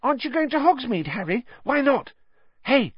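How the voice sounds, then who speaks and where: Guy putting on a squeaky excited little schoolboy, gushing, dull lo-fi audio. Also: normal speed, husky, no room sound, exaggerated voice. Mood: eager. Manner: breathless, excited, calling out. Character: eager starstruck young schoolboy. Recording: dull lo-fi dry recording.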